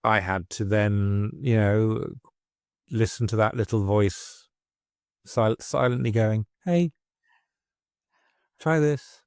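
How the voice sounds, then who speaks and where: A man's voice: lowish voice, level tone, takes it slowly, a little mellow, clean tone, no room sound, studio quality. A middle-aged man speaking frankly and with exasperation as a podcast guest, swearing freely as he tells his story. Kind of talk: candid conversational storytelling.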